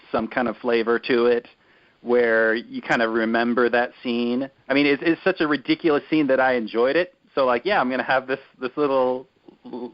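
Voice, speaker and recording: A man co-hosting a podcast in casual chat, rambling and critical with lots of fillers. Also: medium pitch. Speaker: podcast co-host. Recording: dull lo-fi podcast audio.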